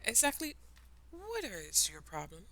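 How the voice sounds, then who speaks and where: A woman's voice: medium pitch, wildly swooping pitch, measured pace, creaky, pushed and bright, pitched above the performer's own voice, heavily acted. A woman voicing a haughty, easily insulted male caterpillar in a storybook, speaking curtly. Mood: demanding. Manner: curt, demanding. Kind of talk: children's storybook reading.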